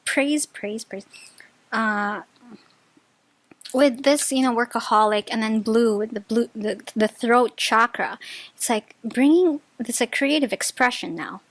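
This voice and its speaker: A woman giving a casual pick-a-card tarot reading, chatty and excitable, often bursting into delighted laughter and restarting her sentences. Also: a little high, a little slow, no room sound. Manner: chatty, full of filler words and restarts. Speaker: tarot reader.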